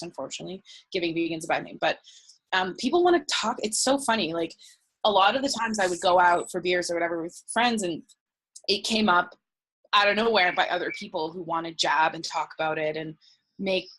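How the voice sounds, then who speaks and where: A woman's voice: fairly low pitch, a bit bright. A young woman speaking as an interview guest in casual conversation, chatty and laughing often, acting out what other people say. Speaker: guest researcher.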